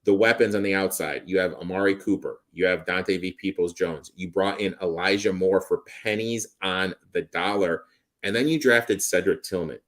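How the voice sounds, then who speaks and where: A man's voice: deep voice, normal speed, a bit bright. A man co-hosting a sports betting show, confidently breaking down football teams and wagers in casual chat. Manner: confident, rattles off player names.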